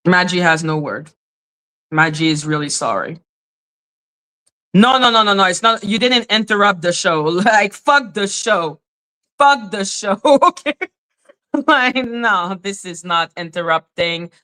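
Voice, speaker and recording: A woman's voice: medium pitch, expressive, unhurried, long pauses, bright, forceful tone. A woman hosting a casual livestream, talking to her chat in an emotional, openly apologetic way and swearing freely. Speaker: livestream host reading chat.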